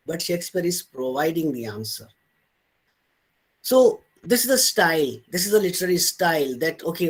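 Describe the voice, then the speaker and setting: Male lecturer explaining step by step. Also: high-pitched. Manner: explains step by step, repeats points for emphasis. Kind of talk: academic webinar lecture.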